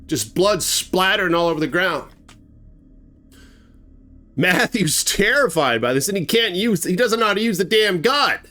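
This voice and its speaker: A man's voice: sits high, animated, normal speed, long pauses, pushed and bright, faint music behind. A man telling a gruesome story in a casual spoken way, acting out sound effects and swearing freely. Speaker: storyteller host.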